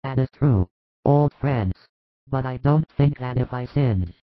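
A man's voice: medium pitch, a little slow, no echo, close to an everyday voice. A man voicing an anxious, defensive male apostle who pleads his case, on a tinny recording. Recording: tinny phone-like dry recording.

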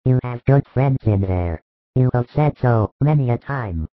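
A man voicing a calm, patient male spiritual teacher. He speaks in measured, instructive sentences in a dramatized religious reading, on a tinny recording. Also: mid-range voice, no room sound, close to an everyday voice. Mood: calm teaching. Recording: tinny phone-like dry recording.

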